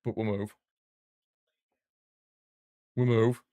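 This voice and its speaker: A man's voice: on the low side, level tone, extremely slow, mellow. A man streaming a football watchalong, giving blunt, partisan live fan commentary and mocking the rival side.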